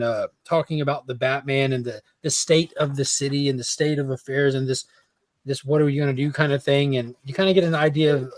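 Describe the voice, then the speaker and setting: A man's voice: mid-range voice, dry recording. A man co-hosting a casual comics podcast, chatting in a laid-back way and joking now and then. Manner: laid-back, chatty, laughs at own jokes. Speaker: podcast co-host.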